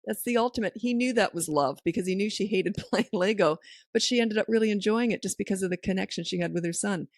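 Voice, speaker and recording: Speaking quickly in a mid-range voice, this middle-aged podcast host offers down-to-earth parenting advice in a relaxed chat. She leans on stories and performs the quoted lines herself. The sound is studio quality with no echo.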